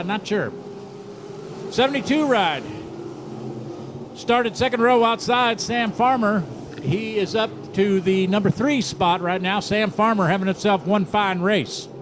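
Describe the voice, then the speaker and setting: A man's voice: high-pitched, steady tone, noisy background. A man with a Southern US accent announcing a dirt track race live over the PA, joking and rattling off the starting lineup. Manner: joking, laughs at himself, reads lineups briskly.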